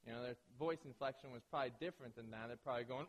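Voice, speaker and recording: A man preaching a sermon to a hall of about a hundred people, telling lively stories and acting out the voices of the people in them. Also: medium pitch, very fast. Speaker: pastor. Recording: echoey hall reverb.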